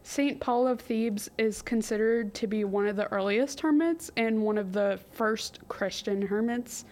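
A woman's voice: a little high, measured pace, darkish tone. A young woman co-hosting a casual history podcast, reading from her notes with jokey asides and giggles. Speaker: podcast co-host.

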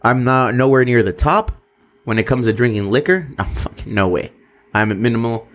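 A man's voice: medium pitch, moderate pace. A man, co-hosting a podcast in casual chat, joking and swearing freely. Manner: joking, profane, drops Spanish slang. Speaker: podcast co-host.

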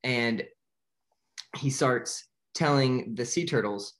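A young man casually retelling a movie plot in a rambling way, full of "like" and excited acted-out quotes. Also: medium pitch, slow. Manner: rambling, filler-heavy with frequent "like". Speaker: movie recapper. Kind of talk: casual spoken movie recap.

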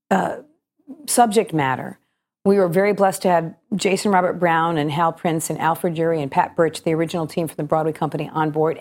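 Appearing as a radio interview guest, a middle-aged woman who works as an actress and cabaret singer sounds slightly gravelly today. Her voice is fairly low and a little mellow as she chats and reflects through her stories, with many restarts.

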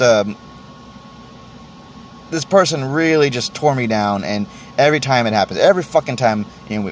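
A man's voice: mid-range voice, a little hiss or hum. A man hosting a solo podcast, venting in a rambling way, stammering through restarts and swearing freely. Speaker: podcast host.

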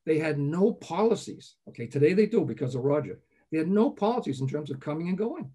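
An older man, a groundwater professor, telling anecdotes in a relaxed interview, chatty and peppered with "okay?" asides. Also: fairly high pitch, brisk, breathy edge.

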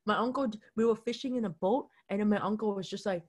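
A woman's voice: mid-range voice, fast, darkish tone. A young woman telling a personal story in a loose, chatty way, full of "like" fillers, briefly acting out what people said. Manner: chatty, constant "like" fillers, acts out quotes.

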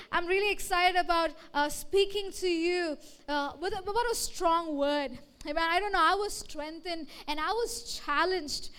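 A woman pastor preaching a sermon, lively, calling out to the congregation for amens. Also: extremely high pitch. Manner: lively preaching with call-and-response.

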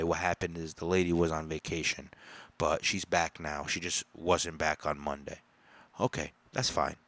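A man telling a story in an angry, profane rant, getting loud and exasperated as he complains. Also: low voice, no room sound.

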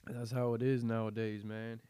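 A man's voice: mid-range voice, little pitch movement, normal speed, dark tone, clear, resonant tone, no echo. A man in his twenties hosts a podcast, rambling through a casual rant full of slang and swearing. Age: 20s. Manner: profane, slangy, meandering rant. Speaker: podcast host.

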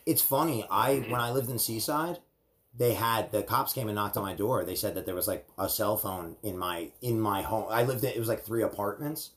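A man's voice: fairly low pitch, moderate pace. A young man in casual podcast chat, telling rambling stories and acting out quotes, swearing now and then. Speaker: podcast host.

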